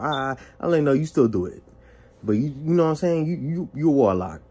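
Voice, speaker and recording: Animated young man telling a story. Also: a little high, quick pace, husky. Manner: animated, acts out dialogue with exclamations. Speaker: vlogger telling a personal story. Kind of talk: casual testimony storytelling.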